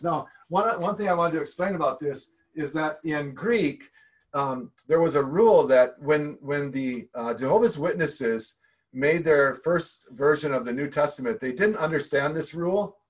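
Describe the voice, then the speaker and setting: Man preaching a halting teaching sermon. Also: mid-range voice, breathy edge. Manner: explanatory, with frequent fillers and restarts. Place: church.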